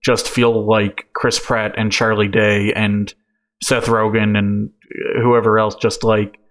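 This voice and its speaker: A man's voice: on the low side, flat delivery, slow pace. A man in a casual chat who is easygoing and agreeable and laughs often. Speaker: podcast co-host.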